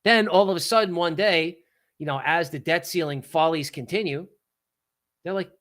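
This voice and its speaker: A man hosting a livestream of casual market commentary, animated and sarcastic, often acting out mock quotes. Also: on the high side, moderate pace, pauses often. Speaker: livestream host.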